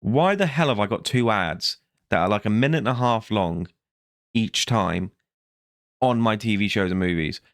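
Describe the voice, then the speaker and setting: A worn-out man rants through a rambling, sarcastic vlog review, correcting himself as he goes. His voice sits fairly low and sounds dry and close, with no room around it. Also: animated, normal speed, no echo. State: tired. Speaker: vlogger.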